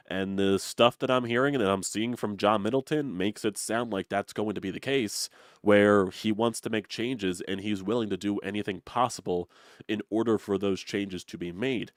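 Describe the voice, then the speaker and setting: A man's voice: on the low side, dry recording, studio quality. A congested man with a blocked nose hosting a casual sports talk show, rambling with many fillers. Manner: rambling, lots of "you know" fillers. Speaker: sports channel host.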